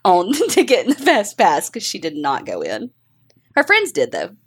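A middle-aged woman co-hosting a chatty podcast. Her pitch swings widely as she talks, and she swears and laughs freely. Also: huge pitch swings, moderate pace, breathy edge. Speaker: podcast co-host. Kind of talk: casual chat.

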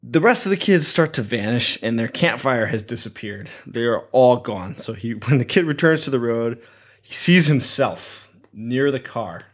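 A man's voice: medium pitch, expressive, moderate pace. A man co-hosting a podcast, laid-back and laughing often while recapping a film. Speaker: podcast co-host. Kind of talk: casual podcast chat.

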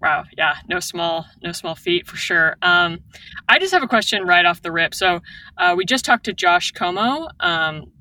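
A woman's voice: lowish voice, big pitch swings, normal speed, sharp tone, low-quality recording. A woman hosting a podcast interview, asking questions in a casual way. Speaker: podcast host. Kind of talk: conversational interview.

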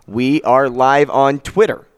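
Smooth-voiced radio host. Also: male voice, mid-range voice, slow, no room sound, clean studio sound. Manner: upbeat, energetic show host. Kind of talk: casual sports talk.

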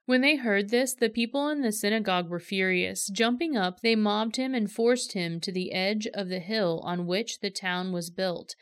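A woman reading scripture aloud in a steady, measured storytelling manner. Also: medium pitch, smooth, no room sound, studio quality. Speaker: scripture reader.

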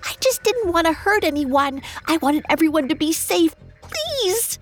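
A woman voicing a frightened young woman turned into a bat, squeaky and pleading in a storybook tale. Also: sing-song, unhurried, soft background music, exaggerated voice.

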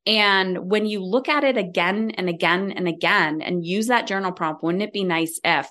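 A woman's voice: lowish voice, normal speed. A middle-aged woman, a leadership coach, talking as a podcast guest and acting out quoted lines as she tells stories. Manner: animated storytelling, acts out quoted lines. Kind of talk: conversational interview.

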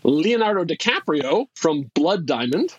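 A man co-hosting a casual movie podcast, talking in an animated way, laughing often and restarting his sentences. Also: fairly high pitch, a little slow, breathy edge, dry recording, highs cut off. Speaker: podcast co-host. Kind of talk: casual chat.

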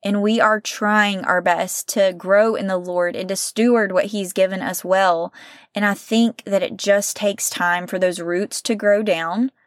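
Woman, podcast host, earnest faith talk, conversational, medium pitch, dry close-mic sound. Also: fairly even intonation, no room sound. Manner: earnest, conversational, with frequent "right?" and "you know"; gets emotional, softening and slowing.

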